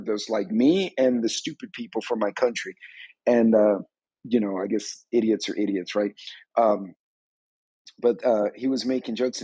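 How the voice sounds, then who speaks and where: A man's voice: lowish voice, mellow, slightly rough, no room sound, low-quality recording. A man hosting a live stream on a preparedness channel, giving rambling, conversational commentary on current events.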